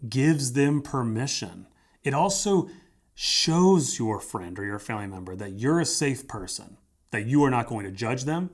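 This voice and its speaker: A man preaching as a pastor, talking conversationally and emphatically, repeating his points and checking in with "right?". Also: medium pitch. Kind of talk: sermon.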